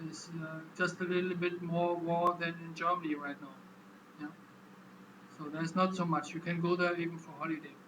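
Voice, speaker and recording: A man with a fairly high voice talks on his own in a loose, casual monologue. He stumbles and doubles back on his words as he explains. A constant noisy hum sits behind him. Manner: halting, repeats words while explaining. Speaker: vlogger.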